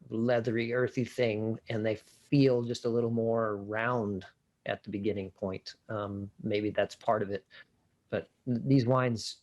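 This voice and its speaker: Man, mid-pitched voice, casual wine-show co-host, enthusiastic, descriptive. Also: a little mellow. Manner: descriptive, enthusiastic tasting talk. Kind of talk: casual educational wine chat.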